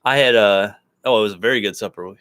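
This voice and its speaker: A man's voice: fairly low pitch, quick pace, a bit bright, slight background noise. A man co-hosting a paranormal podcast, telling stories in a rambling casual way with lots of fillers and restarts, recorded in a home studio. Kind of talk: casual chat.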